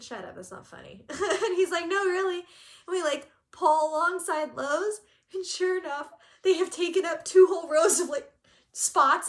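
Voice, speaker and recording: A woman from Southern California co-hosting a cross-stitch channel, telling a story in casual chat and acting out quotes with laughter. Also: very high voice. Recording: echoey room.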